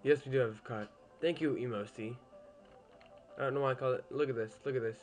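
A man's voice: medium pitch, brisk, soft background music. A young man casually commentating a game he is playing at home, chatty and easily annoyed, swearing at the game now and then. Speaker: gameplay commentator.

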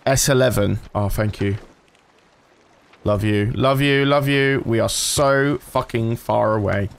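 A gaming streamer commentates live as he plays, frustrated, swearing, and talking to his chat. His mid-range voice is creaky and measured in pace.

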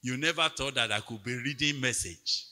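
A man preaching a sermon at a retreat, telling a story with big swings between quiet asides and loud, near-shouted peaks. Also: mid-range voice, normal speed. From Nigeria. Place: large hall at a retreat. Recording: long hall reverb from a church PA.

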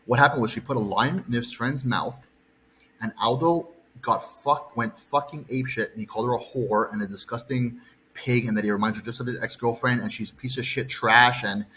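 A man's voice: mid-range voice, fairly quick, pushed and bright, a little hiss or hum, rough recording. A man, a fitness coach, telling a long, heated, profane story and checking in with "okay" and "right.". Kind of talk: ranting storytime vlog.

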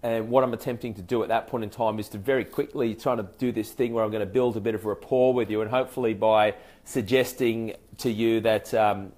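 A man with an Australian accent teaching sales call technique in a relaxed, conversational way, full of fillers and restarts. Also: on the low side, brisk. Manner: chatty, loose and hesitant, many fillers and restarts; acts out sample phone greetings. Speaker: sales trainer. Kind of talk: conversational training talk.

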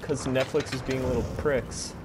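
A man's voice: medium pitch, steady tone, moderate pace. A man chatting casually on voice chat while gaming, with dry, blunt and profane remarks. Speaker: gamer in voice chat. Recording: clear background noise.

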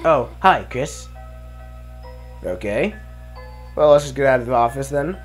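A man's voice: medium pitch, expressive, measured pace, faint music behind. A man giving casual let's play commentary, mumbling and thinking aloud as he explores. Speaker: gameplay commentator.

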